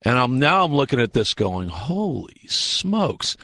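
A man's voice: medium pitch, a little fast. A man, a guest in a radio studio, telling a long story casually and animatedly, acting out what people said. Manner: animated, acts out quotes, frequent fillers and restarts. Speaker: radio show guest, researcher.

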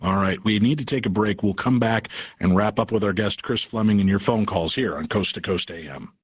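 Low husky male radio host. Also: fairly quick, no room sound. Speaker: radio talk show host. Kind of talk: late-night radio talk show.

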